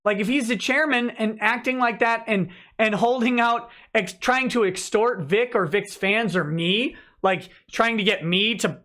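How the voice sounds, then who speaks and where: A man's voice: high-pitched, normal speed, hardly any pauses. Sarcastic man hosting a live chat stream. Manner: sarcastic, animated, mocking. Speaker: livestream host reading chat. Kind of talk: casual livestream commentary.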